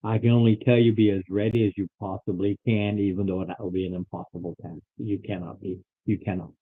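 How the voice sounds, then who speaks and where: A man's voice: on the low side, level tone, quick pace, breathy edge. A man voicing a grim, haunted father. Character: grim terrified father threatening adventurers. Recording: phone-like lo-fi recording.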